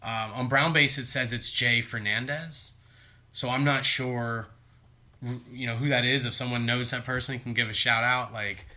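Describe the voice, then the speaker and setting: A male podcast co-host chats casually at a moderate pace, his medium-pitched voice steady yet pushed and bright. He rambles, his talk heavy with "like" and "um".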